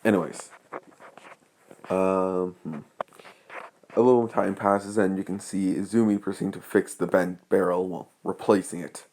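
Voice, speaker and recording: A man's voice: sits low, fairly even intonation, normal speed, pauses often, a little mellow, slight background noise. A man improvising a fan story as narrator, rambling with many restarts.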